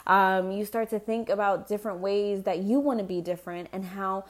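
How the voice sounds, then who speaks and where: A woman's voice: mid-range voice, steady tone, moderate pace. A young woman telling her pregnancy story in a candid personal vlog, rambling, laughing often and swearing freely. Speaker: expectant mother.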